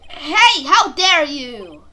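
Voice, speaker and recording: An indignant young defense lawyer voiced by a woman in a game dub, close to her own voice. It is high and bright, with an unhurried, casual delivery. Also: sing-song, faint music behind, heavily acted.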